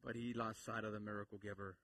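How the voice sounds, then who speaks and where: A man's voice: lowish voice, little pitch movement, fast, a bit bright, dry recording. A man preaching a sermon in a conversational way, calling for the congregation to respond and acting out little scenes. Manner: conversational preaching with call-and-response and acted-out asides. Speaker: pastor.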